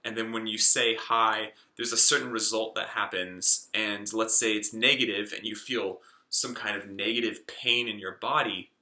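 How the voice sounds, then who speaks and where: A man's voice: on the low side, steady tone, moderate pace, few pauses, bright, forceful tone. Rambling man in his twenties, echoey room. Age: 20s. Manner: rambling, with many fillers and restarts. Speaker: self-help video host. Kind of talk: casual explainer monologue.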